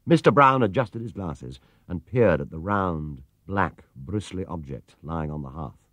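Husky, lively male storybook narrator. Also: sits low, a little slow, dry recording. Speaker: audiobook reader.

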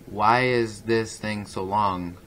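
Taking it slowly, a young man narrates a video game in loose, rambling fashion, his fairly low voice punctuated by self-deprecating remarks and bursts of excitement. He's a gaming YouTuber, and a faint hiss sits under the track.

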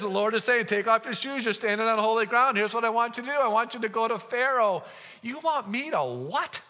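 A man pastor preaching a sermon in a church, telling stories with lively voiced asides. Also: very high-pitched. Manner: animated storytelling with voiced asides. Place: church sanctuary. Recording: long hall reverb.

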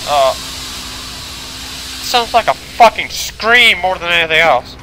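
A man playing a horror video game, commentating with panicky swearing, switching between yelling and muttering. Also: high voice, expressive, takes it slowly, pauses often, noisy background. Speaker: gaming video host.

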